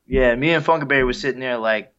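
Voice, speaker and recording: A man's voice: medium pitch, fast, a crowd in the background. A man, a guest musician, talking casually and reflectively in an interview, sharing heartfelt stories with an easy laugh. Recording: dull lo-fi sound.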